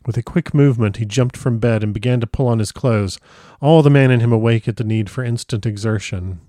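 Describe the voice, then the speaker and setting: A man reading a novel aloud in an unhurried, dramatic manner. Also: fairly low pitch, dark tone, no room sound, studio quality. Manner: unhurried dramatic reading, stumbles and comments aside. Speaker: audiobook reader.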